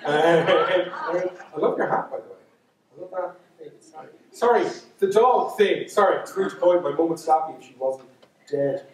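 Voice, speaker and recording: A man's voice: fairly high pitch, expressive, moderate pace, recorded from a distance. Chatty Dublin Irish man in an echoey hall. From Ireland. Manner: chatty, joking and self-mocking, many asides and restarts. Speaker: storyteller. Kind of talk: storytelling lecture to a live audience. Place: lecture hall.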